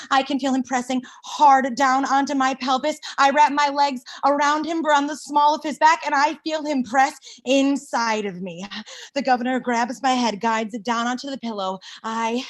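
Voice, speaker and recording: A woman performing a comic monologue as a woman daydreaming during a briefing, in a breathy, confessional tone over a video call from home. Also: sits high.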